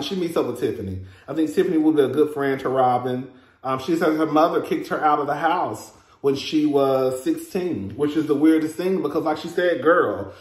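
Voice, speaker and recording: A man's voice: a little high, echoey room. A man, hosting a casual review vlog in a sassy, chatty way, calling listeners "girl" and laughing often. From Texas. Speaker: reality TV reviewer, host.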